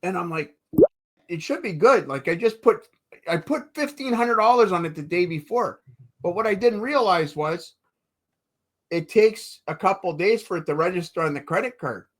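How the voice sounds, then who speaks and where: A man's voice: high-pitched, animated, normal speed. A man guesting on a podcast, telling stories in a chatty way and tagging sentences with "eh" and "right". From Canada. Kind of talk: casual storytelling chat.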